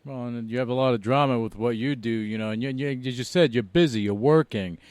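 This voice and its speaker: A male radio host leads a relaxed interview, joking and teasing his guest along. His voice comes through smooth and resonant, recorded dry and close with no room sound. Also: mid-range voice, quick pace, dry recording.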